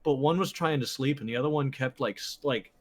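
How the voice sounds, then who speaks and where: A man's voice: mid-range voice, fairly quick. Laid-back, swearing young man. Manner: loose and profane, laughs often. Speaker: podcast co-host. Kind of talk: casual chat.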